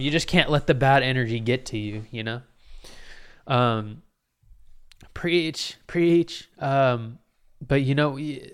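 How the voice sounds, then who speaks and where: A man's voice: mid-range voice, fairly bright tone, smooth. Rambling, self-mocking podcast guy. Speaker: podcast host. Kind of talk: casual solo podcast monologue.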